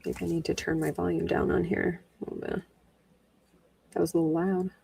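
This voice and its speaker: A woman's voice: on the low side, flat delivery, fairly quick, vocal fry, dark tone, distant mic, a little hiss or hum. A woman from New York hosting a livestream, chatting sarcastically and laughing often as she comments on a trial. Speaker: livestream host. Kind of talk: casual commentary while rewatching a trial. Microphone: wearing headphones.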